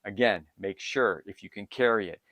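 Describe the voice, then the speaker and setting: Older man, lowish voice, eager and rambling prep advice, dry close recording. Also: moderate pace, no echo. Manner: excitable, rambling, jumps between topics. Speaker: prepping channel host. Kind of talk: casual advice to camera.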